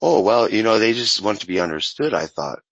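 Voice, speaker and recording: A man's voice: on the low side, sing-song, fairly quick, gravelly, a bit bright, no room sound, muffled recording. A man chatting casually, joking and rambling with lots of "like". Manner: jokey, rambling, puts on silly accents. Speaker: roundtable participant. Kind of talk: casual chat.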